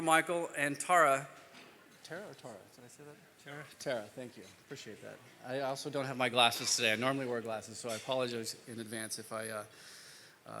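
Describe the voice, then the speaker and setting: A man's voice: fairly high pitch, sharp tone. A man moderating a conference panel, reading speaker bios aloud with small slips and self-deprecating asides. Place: conference stage in a large hall. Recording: long hall reverb.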